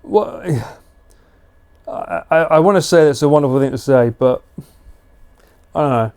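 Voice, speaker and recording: A man's voice: a little high, measured pace, a little mellow, smooth. A British man chatting casually and slangily with viewers on a live stream. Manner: chatty, laid-back, slangy.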